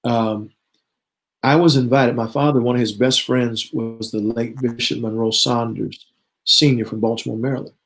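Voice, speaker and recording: A man's voice: mid-range voice, steady tone, moderate pace, a bit bright, poor audio. Earnest middle-aged man telling his story. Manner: earnest storyteller who acts out remembered dialogue. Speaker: bishop and guest. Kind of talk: personal testimony in conversation.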